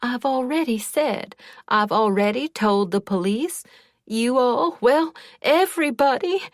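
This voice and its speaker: A woman's voice: on the high side, lively intonation, measured pace, dry recording, clean studio sound, voice pushed up. A woman voicing a shaken, defensive woman who stammers and rises into screaming, on a storybook reading. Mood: distraught. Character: distraught middle-aged woman, shaken and defensive.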